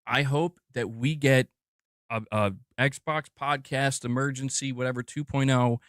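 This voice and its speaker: A man ranting on a podcast, heated and profane, worked up and fast to vent. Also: medium pitch, fairly even intonation, a bit bright, clean tone, dry recording, clean studio sound.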